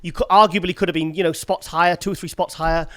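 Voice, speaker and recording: Man, podcast host, slightly high voice, rambling casual chat, dry close sound. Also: steady tone, fast talker, a bit bright, no room sound. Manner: chatty, rambling with restarts and fillers.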